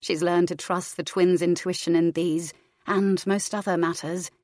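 A woman narrating fiction aloud in a measured, even storytelling manner. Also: on the low side, dry recording, studio quality. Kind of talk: audiobook fiction reading.

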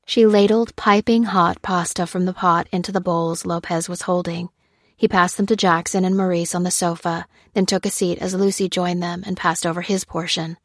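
A woman's voice: lowish voice, dry recording. Woman narrating an audiobook, dry close sound. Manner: steady, measured storytelling. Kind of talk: scripted narration.

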